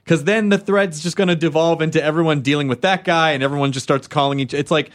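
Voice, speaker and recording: A man's voice: fairly high pitch, quick pace. A man hosting a casual podcast chat, ranting and swearing freely. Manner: profane, ranting, animated. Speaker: podcast host.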